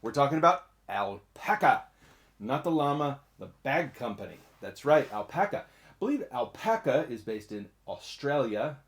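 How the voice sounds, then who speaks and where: A man hosting a one-take bag review, talking in an energetic, jokey and chatty way. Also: mid-range voice, normal speed. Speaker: host of a bag review channel.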